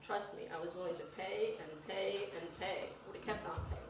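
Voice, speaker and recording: Brief: expressive middle-aged woman telling a funny story live, distant mic, big reverberant room. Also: medium pitch, a little fast, slight background noise. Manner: animated, acts out voices. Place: performance room. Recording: echoey room from far off.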